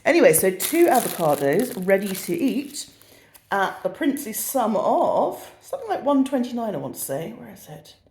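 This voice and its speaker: A woman's voice: mid-range voice, sing-song, moderate pace, a little mellow, echoey room, slight background noise. A woman in her thirties with a British accent, chatting casually through a shopping haul in a self-mocking, easily sidetracked way. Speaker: vlogger.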